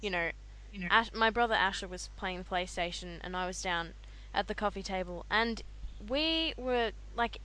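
A woman chatting as a podcast co-host in a relaxed group call. She talks easily, giggles often, and lets her sentences fade off softly at their ends. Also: medium pitch, normal speed, rough recording. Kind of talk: casual podcast chat over a call.

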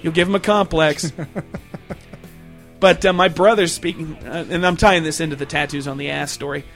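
A man's voice: fairly high pitch, fairly even intonation, moderate pace, vocal fry, fairly bright tone, soft background music. A man hosting a podcast, telling a crude story in casual chat, laughing often and mimicking his family. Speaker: podcast host.

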